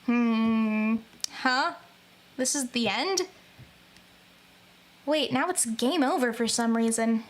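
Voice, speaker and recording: A woman streamer giving lively, joking commentary while playing a video game and reading its text aloud. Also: fairly high pitch, slow pace, long pauses. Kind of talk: let's-play commentary.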